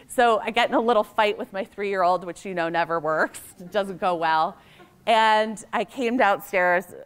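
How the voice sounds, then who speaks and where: A woman's voice: medium pitch, a bit bright, clean tone. A middle-aged American woman giving a conference keynote, telling personal stories in a conversational way and acting out the voices in them. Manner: anecdotal, conversational, acts out quoted voices. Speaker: keynote speaker.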